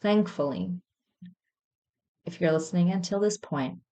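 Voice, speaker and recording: A woman's voice: on the low side, animated, measured pace. A woman in her thirties, host of a podcast, candidly telling a personal story in a reflective monologue. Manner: candid, reflective, with soft self-mocking laughs.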